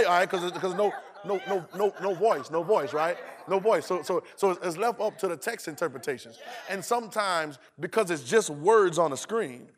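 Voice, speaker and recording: Male preacher, AAVE, high voice, playful call-and-response, acts out lines. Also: moderate pace, fairly bright tone. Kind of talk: sermon.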